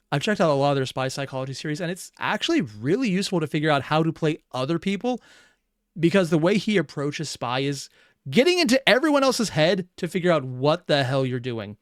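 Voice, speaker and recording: A man hosting a reaction video, chatting casually and excitably and swearing freely. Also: fairly high pitch, dry recording, clean studio sound.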